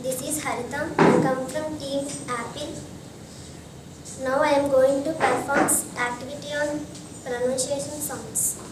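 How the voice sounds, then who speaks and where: Young woman spelling words slowly in class, monotone, echoey far-off recording. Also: sits high, very noisy. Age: young adult. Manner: slow halting recital of spelled words. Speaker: student presenter. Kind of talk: classroom pronunciation presentation.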